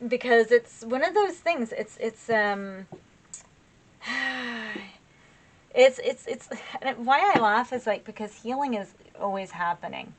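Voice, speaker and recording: A woman giving a casual tarot reading to camera in a chatty, rambling way, laughing at herself and filling pauses with "um" and "right?". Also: a little high, lively intonation. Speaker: tarot reader.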